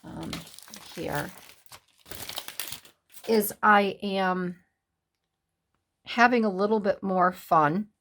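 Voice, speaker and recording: A woman in her sixties chatting to camera as a craft vlogger, halting and upset, with many pauses and restarts. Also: mid-range voice, a bit bright. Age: 60s. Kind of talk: casual chat to camera.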